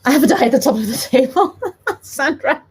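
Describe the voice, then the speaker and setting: A woman's voice: high voice, lively intonation, fairly quick, a little mellow. A woman from South Africa with a light South African accent, giving a chatty, giggly live papercraft tutorial. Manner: chatty, giggly, self-deprecating. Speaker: papercraft demonstrator.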